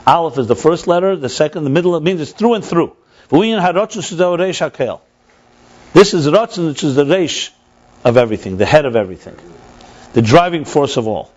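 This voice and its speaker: A rabbi leads a text study class, animated as he explains, often repeating or restarting words and weaving in Hebrew terms. His pitch is fairly high, he talks fairly quickly, and the recording sounds muffled.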